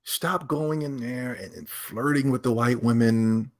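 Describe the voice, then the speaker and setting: Male solo podcast host, animated and mocking, medium pitch. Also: unhurried. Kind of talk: casual solo rant.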